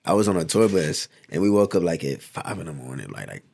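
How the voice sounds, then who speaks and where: A man from Houston speaks as a rapper guest in a relaxed interview. His voice sits very low with a rough, gravelly edge. He talks in a loose, rambling way, full of slang and easy asides. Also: fast talker. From Houston, Texas. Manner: laid-back, rambling, peppered with slang. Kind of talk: casual interview chat.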